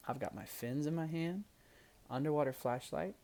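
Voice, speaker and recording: Young guy with a gravelly voice telling a story casually, laughs a lot, goes hushed at times. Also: fairly high pitch, normal speed. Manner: animated, laughing, drops to hushed asides.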